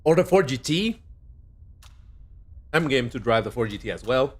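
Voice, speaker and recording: Lively, chatty young man streaming. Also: mid-range voice, moderate pace. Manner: animated, chatty, talks to viewers and his cat. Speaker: racing game streamer. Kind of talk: casual live-stream commentary.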